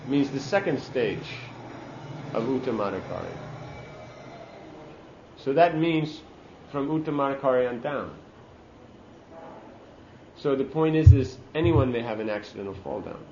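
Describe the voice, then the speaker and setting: A man's voice: mid-range voice, expressive, unhurried, vocal fry, long pauses, echoey room, highs cut off, noisy background. A man giving a sermon-style scripture class, earnest and emphatic, using Sanskrit terms.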